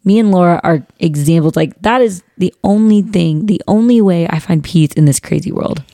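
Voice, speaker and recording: A woman's voice: on the low side, moderate pace, no echo, clean studio sound. A young adult woman, co-hosting a casual faith podcast and giving encouraging, personal examples. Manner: warm encouraging, says "y'all", gives personal examples. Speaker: podcast co-host.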